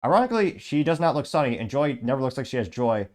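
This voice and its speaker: Male commentary host, sarcastic and mocking, rambling casual delivery, average pitch. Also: quick pace, darkish tone. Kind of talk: casual commentary reading social media comments.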